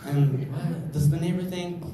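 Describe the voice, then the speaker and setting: On a club stage, a young man does stand-up, meandering and filling gaps with filler words. His voice is a little high with fairly even intonation and a slightly slow pace, and the far-off mic captures lots of echo and noise.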